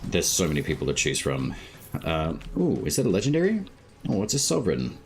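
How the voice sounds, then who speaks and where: A very deep-voiced Australian man chats while streaming a game. He speaks slowly and easily, with plenty of filler words, and faint music plays behind him. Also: huge pitch swings. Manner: slow, laid-back talk with many "like" fillers. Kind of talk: casual live-stream chat.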